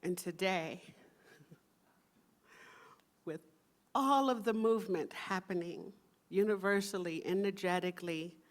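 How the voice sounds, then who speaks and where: A woman minister preaching to her congregation in a church sanctuary. Her voice sits on the low side, and she speaks slowly and softly in a meditative way. She lightens things with playful asides. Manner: slow, soft, meditative delivery with playful asides. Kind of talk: sermon.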